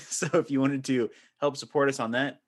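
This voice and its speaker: A man's voice: mid-range voice, steady tone, normal speed. A man hosting a podcast, chatting casually with frequent laughs and fillers. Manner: laughs often, rambling with fillers. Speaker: podcast host.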